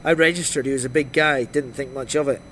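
A man reading a first-person crime novel aloud in a dry, wry, steady storytelling voice. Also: medium pitch, fast talker, slight background noise. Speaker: audiobook narrator.

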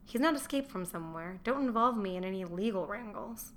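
A gruff, portly Roman merchant grumbles with open contempt for his wife, as a woman reading the audiobook voices him. His talk is blunt and scornful, with a mid-range voice and a faint hiss of noise behind it. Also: medium pitch, lively intonation, a little fast, fairly bright tone, close to an everyday voice. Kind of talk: audiobook character voice.

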